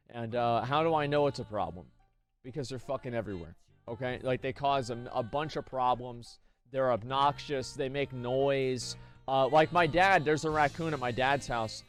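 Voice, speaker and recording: An American man telling a long story on stream, rambling and swearing with many fillers. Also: medium pitch. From United States. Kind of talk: casual storytelling.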